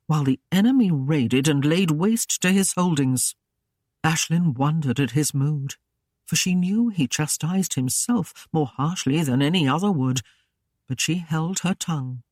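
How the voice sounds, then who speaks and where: An audiobook narrator reading a historical romance in a steady, even storytelling manner. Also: medium pitch, no room sound, clean studio sound. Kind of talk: scripted narration.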